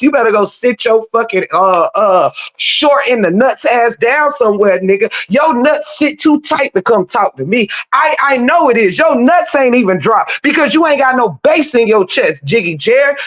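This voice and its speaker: A woman's voice: fairly high pitch, lo-fi sound. A woman delivering a profane, combative rant as an online commentator, taunting and cursing nonstop.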